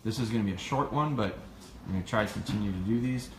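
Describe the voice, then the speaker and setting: Male host, fairly low voice, relaxed live Q&A, echoey room with faint hum behind. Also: fast. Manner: relaxed, plainspoken, answers viewers by name. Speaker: dog trainer hosting a live stream. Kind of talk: casual live Q&A.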